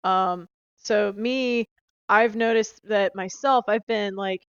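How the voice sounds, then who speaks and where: A woman's voice: mid-range voice, steady tone, takes it slowly, clear, resonant tone, dry recording, muffled recording. A young woman casually recapping her sales training into a handheld phone, chatty and upbeat with lots of fillers. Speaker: sales rep.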